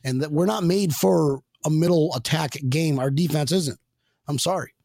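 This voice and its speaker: Host type, male, gravelly, slightly high voice, loose and excitable, dry close mic. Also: normal speed, dry recording. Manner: excitable, laughing, rambling with restarts. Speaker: podcast host. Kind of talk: casual sports chat.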